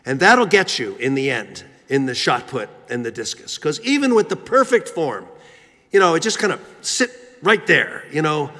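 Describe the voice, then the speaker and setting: A man's voice: fairly high pitch, big pitch swings, moderate pace, bright, forceful tone. A man from Philadelphia telling a humorous, self-mocking story in a sermon, with frequent fillers and restarts. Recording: reverberant church hall.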